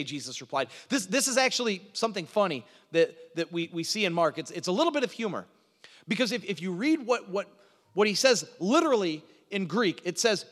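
A man with a high-pitched, a bit bright voice and lively intonation preaches an expository sermon a little fast. He hammers points home with emphatic repetition and frequently stutters and restarts his words, with a long hall reverb on the recording.

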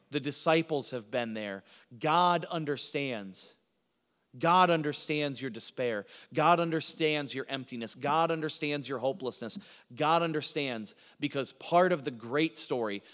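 A man with a high voice preaches a sermon, lively and emphatic, repeating key phrases and firing questions he then answers himself. His words ring out with a long reverb, as if in a large hall. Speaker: pastor. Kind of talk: expository sermon.

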